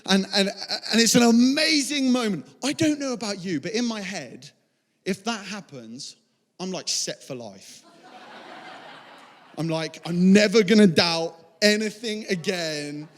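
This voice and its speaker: A young man preaches a sermon, spinning the story with animated voices for each character. His voice sits high and bright. Long church-hall reverb trails every phrase. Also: measured pace, long pauses. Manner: animated storytelling, acts out quotes. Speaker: pastor.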